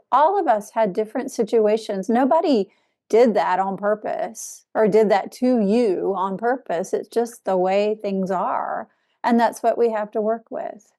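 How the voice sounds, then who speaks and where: A woman giving a dharma talk as a Zen teacher, speaking in a reflective way with soft laughs. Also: mid-range voice.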